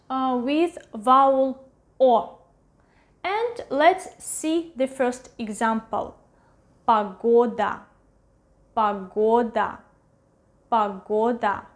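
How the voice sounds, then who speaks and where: A woman with a Russian accent teaching pronunciation, patiently saying each example word three times. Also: sits high. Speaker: language teacher. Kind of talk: pronunciation lesson.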